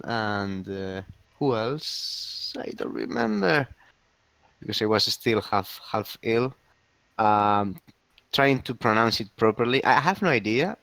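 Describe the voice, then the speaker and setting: A man co-hosting a casual game league recap, talking with many pauses and restarts. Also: lowish voice, fairly bright tone, dry recording. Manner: hesitant, many fillers and restarts.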